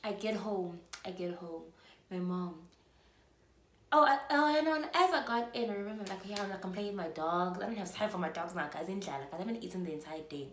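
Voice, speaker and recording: A woman's voice: mid-range voice, a little fast. Chatty young South African woman, echoey room. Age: early 20s. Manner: chatty, animated, many "like" fillers. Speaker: vlogger. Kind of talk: casual storytime. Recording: echoey room, faint background noise.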